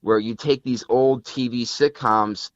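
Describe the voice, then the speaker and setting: A man's voice: medium pitch, steady tone, a little slow, no echo. A man from Connecticut chatting as a podcast guest, rambling with many fillers and restarts. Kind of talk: casual interview chat. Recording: dull lo-fi sound.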